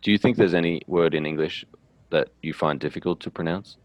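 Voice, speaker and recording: An Australian man hosting a relaxed English-learning chat, laughing easily and filling pauses with ums. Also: low voice, no echo, dull audio. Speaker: English teacher and channel host. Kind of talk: casual conversational interview.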